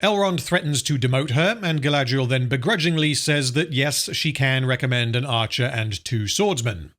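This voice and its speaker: A man narrates a scripted film review in a medium-pitched voice. His delivery is dry and sardonic, and his criticism turns scathing and profane. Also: moderate pace, a bit bright.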